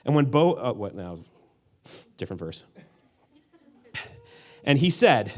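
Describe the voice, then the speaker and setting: Lively young man preaching with playful energy. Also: on the high side, normal speed, pauses often. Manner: playful, animated, acts out quotes in funny voices. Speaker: pastor. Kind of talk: sermon. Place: church auditorium.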